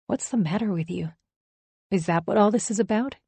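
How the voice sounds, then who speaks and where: A woman reading an audiobook, voicing a smug young female rival who talks calmly and condescendingly. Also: mid-range voice, fairly quick, breathy edge, dry recording. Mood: cool. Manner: calm, falsely sweet, condescending. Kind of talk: audiobook character voice.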